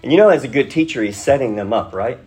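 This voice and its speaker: A man's voice: medium pitch, lively intonation, fast, a little mellow, husky. A man preaching a verse-by-verse sermon in a teacherly way, checking in with his listeners through rhetorical questions. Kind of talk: expository sermon.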